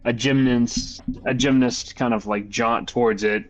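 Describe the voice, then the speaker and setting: A man playing in a tabletop game, describing his character's moves with halting, repetitive phrasing. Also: medium pitch, fairly even intonation, muffled recording. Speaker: player. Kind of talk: casual tabletop play.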